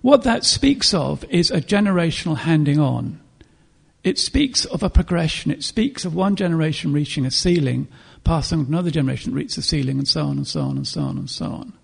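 A man preaching a sermon in an earnest, reflective way, pausing to clear his throat and restart phrases. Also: a little high, animated.

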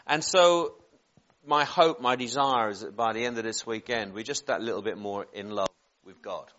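A man in his forties from Northern Ireland with a Northern Irish accent, softened by years in England, giving an informal sermon in a rambling, self-deprecating way full of joking asides. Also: fairly low pitch, normal speed, highs cut off, a little hiss or hum. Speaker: preacher.

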